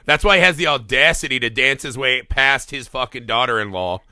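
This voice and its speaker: A man in his thirties co-hosting a film podcast, profane and animated, often mocking in high voices. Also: a little fast, no room sound, soft background music. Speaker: podcast co-host. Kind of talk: casual film podcast chat.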